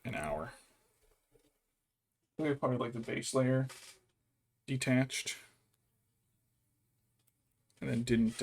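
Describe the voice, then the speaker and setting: A man's voice: medium pitch, darkish tone. A young adult man chatting casually while painting miniatures, telling rambling, profane stories. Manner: profane, rambling storytelling with mocking impressions.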